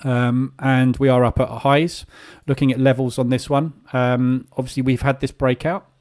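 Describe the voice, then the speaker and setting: A man's voice: mid-range voice, level tone, moderate pace, darkish tone. Chatty man, full of ums. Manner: casual, rambling, many filler ums. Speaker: trading room host. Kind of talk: live market commentary.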